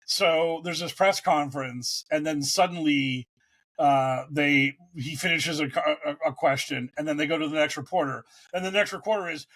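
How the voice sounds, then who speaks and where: An American man with a fairly high voice talks at a moderate pace. Co-hosting a casual sports podcast, he rambles through animated stories and swears freely.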